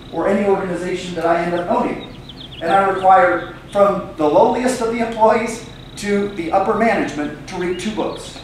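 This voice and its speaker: High-voiced, energetic male motivational speaker. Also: a little hiss or hum. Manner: energetic, leads the crowd in shouted affirmations. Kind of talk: motivational speech to a live audience. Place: room with a live audience. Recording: echoey room, far from the mic, loud music behind.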